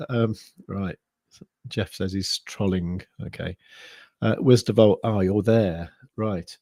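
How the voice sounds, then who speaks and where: He takes it slowly, his voice fairly low and mellow, as he casually rambles through viewer comments while hosting a livestream, often restarting and using fillers. The Midlands-born Englishman has a mixed Midlands and southern English accent plus some years in France. Clean studio sound, no echo.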